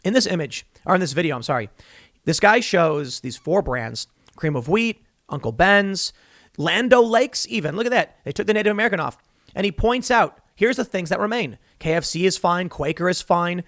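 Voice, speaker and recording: A man's voice: high-pitched, lively intonation, normal speed, fairly bright tone, no echo, clean studio sound. A man hosting solo political commentary, opinionated and rambling, often restarting and going off on asides.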